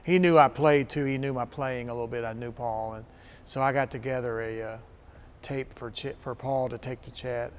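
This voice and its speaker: A middle-aged man from Kentucky chats easily through his old stories in an interview. He jumps into quoted voices as he goes. A faint background hiss sits under his medium-pitched voice. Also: normal speed. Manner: animated anecdotes, acts out quoted voices. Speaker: guest musician. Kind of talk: casual storytelling interview.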